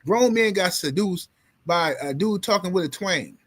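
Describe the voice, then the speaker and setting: High-voiced man ranting about boxing. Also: normal speed. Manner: animated, trash-talking, mocking. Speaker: boxing commentary streamer. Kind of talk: casual live-stream rant.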